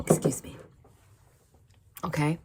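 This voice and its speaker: A woman's voice: slow, background noise. A woman tarot reader talking casually to her viewers about spiritual practice, stopping often to check in and correct herself. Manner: chatty, repeats "okay?", frequent small slips and self-corrections. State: cold, shivering. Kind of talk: casual spiritual talk to camera.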